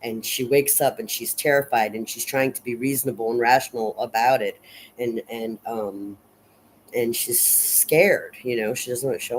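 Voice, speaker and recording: A woman casually recapping and analyzing a film in a rambling, unhurried way, full of fillers and restarts. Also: a bass voice, steady tone, a little hiss or hum, poor audio. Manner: unhurried and reflective. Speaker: film reviewer.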